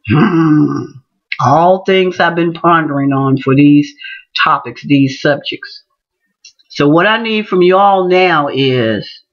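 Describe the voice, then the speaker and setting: A woman telling a personal story in a casual vlog, animated and acting out the other people's voices. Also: deep voice, highs cut off. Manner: animated, acts out voices in her stories. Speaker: teacher and vlogger.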